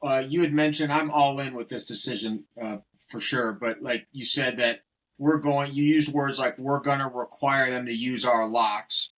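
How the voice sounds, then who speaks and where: A man co-hosting a casual podcast, posing long and probing questions. His voice sits at a middle pitch. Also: steady tone, normal speed, fairly bright tone, rough recording. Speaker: co-host.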